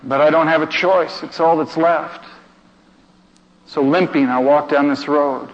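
A man preaching a sermon as a dramatic story, speaking emotively, by turns hushed and shouted. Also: fairly high pitch, steady tone, unhurried. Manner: emotive, theatrical, with hushed passages and shouted outbursts. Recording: dull sound with long hall reverb.

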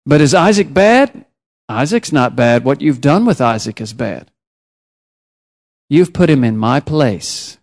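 A man preaching a sermon as a missionary, telling personal stories with lively rises and drops in pitch. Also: measured pace, long pauses.

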